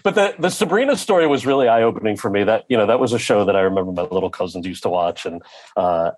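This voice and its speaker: A man speaking as an actor and guest, telling a candid story in conversation, lively, slipping into the voices of the people he quotes. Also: on the low side. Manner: animated storyteller who acts out quoted voices.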